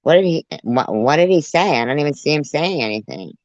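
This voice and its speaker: A woman's voice: low-pitched, lively intonation, fairly quick, no echo. A woman hosting a reaction commentary, talking back at a clip with sarcastic, mocking asides. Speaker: commentary channel host. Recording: muffled lo-fi audio.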